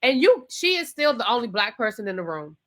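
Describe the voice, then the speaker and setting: A woman's voice: fairly high pitch, very animated, fairly quick, fairly bright tone. A woman giving a chatty, opinionated recap of a TV episode, talking straight to her viewers. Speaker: TV show reviewer. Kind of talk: casual spoken recap and commentary.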